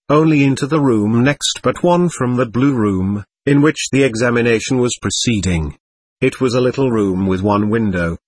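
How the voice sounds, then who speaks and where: A man narrating a classic novel in an expressive, dramatic audiobook reading. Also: mid-range voice, breathy edge.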